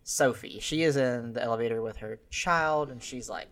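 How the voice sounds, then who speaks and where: A man's voice: mid-range voice, moderate pace. A man co-hosting a casual podcast, recapping a movie scene by scene, often laughing and acting out characters' lines. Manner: animated, laughs often, acts out quoted lines. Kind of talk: casual film recap chat.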